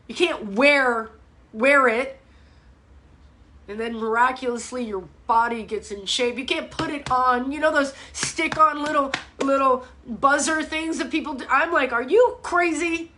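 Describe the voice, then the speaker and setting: A middle-aged woman fitness coach chatting on a live stream, blunt and animated, cursing freely. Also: high voice, a little slow, a little hiss or hum. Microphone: phone or webcam mic.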